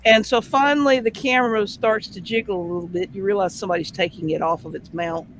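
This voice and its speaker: A man host telling a casual anecdote, animated and full of vivid sound effects. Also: high-pitched, fast talker, a little hiss or hum, low-quality recording.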